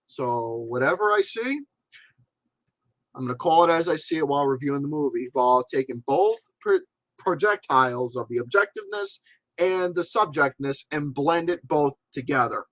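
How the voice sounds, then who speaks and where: A man in his forties speaks in an unscripted livestream monologue as a movie reviewer. His manner is blunt, profane and emphatic. His voice sits high and bright, with a dry, close sound. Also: expressive, normal speed, no echo, rough recording. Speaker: movie reviewer and channel host.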